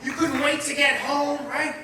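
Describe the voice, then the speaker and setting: A Long Island, New York man in his 50s performs a blunt, profane stand-up set full of asides, his very high voice unhurried and barely moving in pitch. He's in a comedy club or event room with a live audience, recorded from far off in an echoey space with crowd noise.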